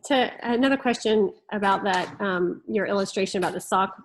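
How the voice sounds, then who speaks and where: Woman moderator, mid-pitched, friendly, asking questions, video call. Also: brisk, background noise. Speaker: group moderator.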